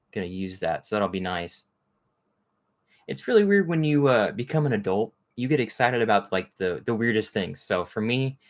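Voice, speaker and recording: Man with a fairly low voice, hosting a casual, rambling live chat. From Texas. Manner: rambling, chatty, greets viewers by name. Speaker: livestream host.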